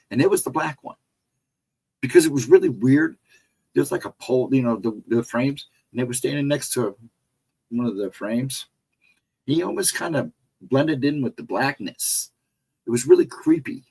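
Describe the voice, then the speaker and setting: Husky middle-aged man telling a rambling story. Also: mid-range voice, darkish tone, low-quality recording. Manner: rambling, retraces directions step by step, frequent restarts. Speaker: guest storyteller on a paranormal talk show. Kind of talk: casual spoken storytelling.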